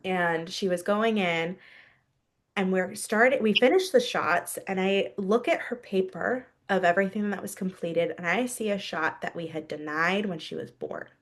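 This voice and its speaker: A woman's voice: mid-range voice, moderate pace. A woman in her thirties, a podcast guest, telling a personal story candidly and laughing now and then.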